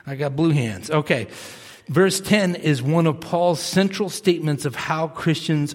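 A male pastor preaching a sermon, earnest, swinging from quiet, slow stretches to emphatic bursts. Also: fairly high pitch, lively intonation, in a large hall. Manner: earnest, rising to emphatic bursts then dropping soft and slow. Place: church sanctuary.

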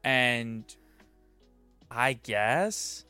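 A man's voice: medium pitch, lively intonation, a little slow, fairly bright tone, faint music behind. A man co-hosting a card game podcast, talking in a casual chat and ranting with exasperated emphasis. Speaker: podcast co-host.

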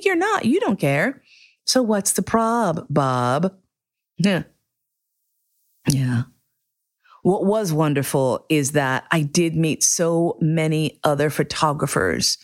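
Low-voiced woman telling a frank story. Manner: candid, profane, animated retelling with acted quotes. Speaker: podcast host. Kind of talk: personal storytelling.

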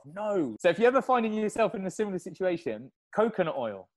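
A man being interviewed on a podcast, telling stories in an animated, casual way and laughing often. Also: high-pitched, fast talker. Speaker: podcast guest, endurance athlete.

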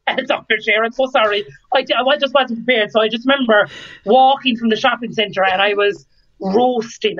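Lively Irish woman telling a story. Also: on the high side, highs cut off, a little hiss or hum. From Ireland. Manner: lively, animated, acts out dialogue. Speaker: guest. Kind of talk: casual storytelling.

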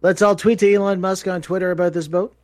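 A man joining a casual movie-commentary chat, chiming in with short wisecracks. His voice sits a bit higher than average. His delivery is offhand and playful. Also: little pitch movement, fast talker, darkish tone. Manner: wisecracking one-liners.

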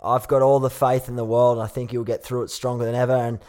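A man's voice: mid-range voice, little pitch movement, fast, a little mellow. A man hosting a podcast interview, speaking in a supportive, earnest way with some small stumbles. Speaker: podcast host. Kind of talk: interview conversation.

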